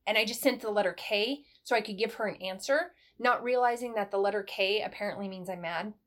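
A woman's voice: medium pitch, a little fast. A middle-aged woman, a former military sergeant, giving advice in a conversational interview and acting out bits of dialogue as she goes. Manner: animated storyteller, acts out dialogue in a brighter voice.

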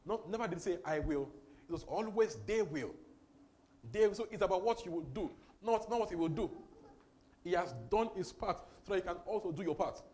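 A man preaching a sermon, emphatic, repeating words and swinging between loud and soft. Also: sits high, animated, moderate pace. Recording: faint background noise.

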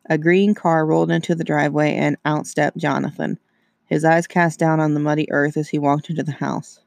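A man casually reading a story aloud, narrating in an informal, relaxed way. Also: fairly high pitch, a little fast, gravelly, no echo. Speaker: reader.

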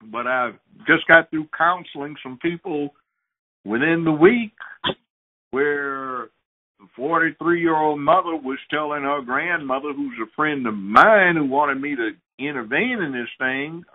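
A man's voice: on the high side, a little slow. Emphatic man lecturing over a phone line. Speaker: guest, judge. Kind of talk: interview talk, storytelling and advice. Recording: phone-like narrow sound.

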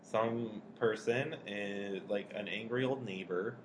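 A man's voice: fairly low pitch, slow pace, a little hiss or hum. Young man telling laughing anecdotes. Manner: laughs a lot, chatty anecdotes. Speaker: podcast co-host. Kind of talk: casual chat.

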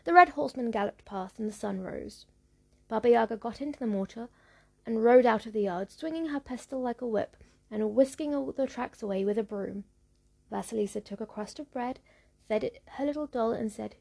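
A woman narrating a folktale in a measured, rhythmic storybook reading. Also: fairly high pitch, vocal fry, mellow.

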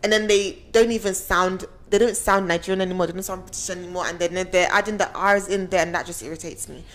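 Quick-talking woman co-host, pushes her point hard in casual chat. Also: fairly low pitch, steady tone, a bit bright. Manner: insistent, stumbles over restarts. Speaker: podcast co-host.

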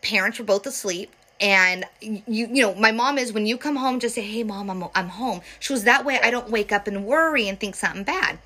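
A young woman chatting casually, telling animated stories and acting out the quotes. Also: fairly high pitch, brisk, few pauses. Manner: animated storytelling with acted quotes. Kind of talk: casual chat.

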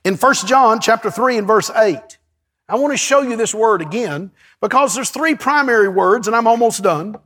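Casting: preacher, high-pitched man, animated storytelling sermon with call-and-response. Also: normal speed. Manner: lively, storytelling, calls to the congregation. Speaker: pastor. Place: church before a congregation.

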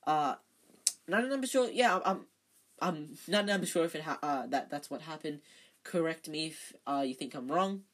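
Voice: medium pitch, animated, moderate pace, fairly bright tone. An amateur reader reading a novel aloud, often stumbling and correcting themselves with chatty asides.

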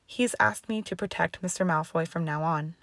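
A woman reading the lines of an older headmistress witch, calm, measured and sympathetic, in a storybook reading. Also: on the low side, creaky, no echo. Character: stern, steady older female headmistress witch.

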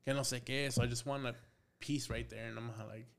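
A man's voice: medium pitch, level tone, brisk, creaky, a bit bright. A young man, a podcast guest, telling a story in casual talk, acting out both sides of the dialogue, swearing freely and dropping in Spanish phrases. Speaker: podcast guest, tattoo artist.

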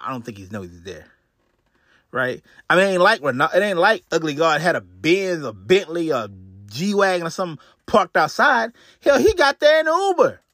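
A man's voice: fairly high pitch, bright, forceful tone, no echo. A man hosting a podcast, retelling a crime story in a casual, profane way with lots of restarts and asides, on a close mic. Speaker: podcast host.

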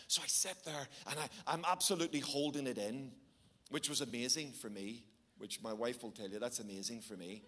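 A middle-aged man with a Belfast accent, preaching a sermon and telling a lively story with shifting pace for emphasis. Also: medium pitch, brisk. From Northern Ireland. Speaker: pastor.

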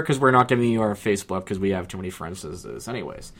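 A man's voice: mid-range voice, fairly quick. A man, co-hosting a podcast in casual chat, joking and rambling with crude humor. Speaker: podcast co-host.

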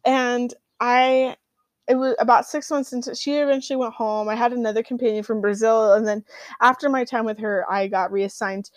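A young American woman tells her own story in a somewhat high voice, often pausing and restarting her sentences. The recording is dry and close, with no room around her. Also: fairly even intonation, dry recording. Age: young adult. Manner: halting, with frequent fillers and restarts. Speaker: returned missionary. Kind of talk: personal storytelling.

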